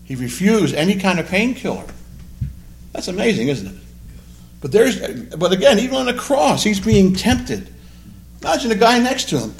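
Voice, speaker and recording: A man's voice: high voice, sing-song, moderate pace, vocal fry. A man preaching a sermon, acting out the voices of the people he quotes. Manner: dramatic, acts out quoted voices. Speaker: pastor.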